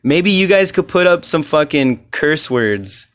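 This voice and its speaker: A man's smooth, somewhat bright voice sits on the high side, with lively intonation and a slightly slow pace. Alone on his comedy podcast, he chats casually, rambling profanely through stories and performing the voices of people he quotes.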